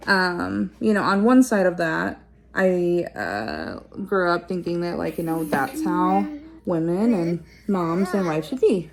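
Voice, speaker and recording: A woman talking casually to the camera in a vlog, musing out loud with many fillers and restarts and explaining like a teacher. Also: fairly low pitch, lively intonation, takes it slowly, vocal fry, slight background noise. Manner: explains like a teacher, checking in with "okay?" and "right?". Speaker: parenting vlogger.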